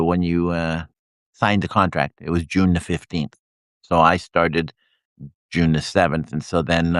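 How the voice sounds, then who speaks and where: A retired older man from Canada talks in a very deep voice, rambling and self-deprecating, blunt and often laughing. The sound is dry and close, with no room around it. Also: no room sound. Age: 60s. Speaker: host of a live video stream. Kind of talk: rambling casual chat. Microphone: handheld microphone.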